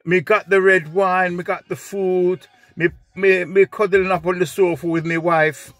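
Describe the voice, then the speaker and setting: A man's voice: high-pitched, flat delivery, a little slow, no echo, voice pushed up. A man voicing an angry Jamaican man who loves cowboy films, speaking in heavy patois. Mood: indignant. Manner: heavy patois, indignant and loud.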